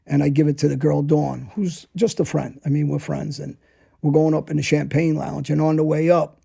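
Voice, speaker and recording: A man's voice: fairly high pitch, flat delivery, normal speed, creaky, mellow, slightly rough. A middle-aged man telling a crime story in a casual, blunt and profane way, narrating events in the present tense. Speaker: storyteller guest.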